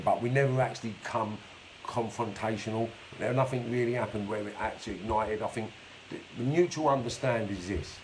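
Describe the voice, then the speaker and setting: A man with a lowish, darkish-toned voice narrates his life story live, speaking bluntly like someone from the streets and cursing nonstop. The low-quality recording, likely from a phone or webcam stream, has a slight hiss or hum.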